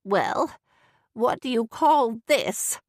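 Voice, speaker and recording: A muddled old grandmother in an audiobook, voiced by a woman narrator, talking slowly in a wavering voice. She is cheery, but quick to feel wounded. The recording is dry and close. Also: fairly high pitch, animated, dry recording, heavily acted.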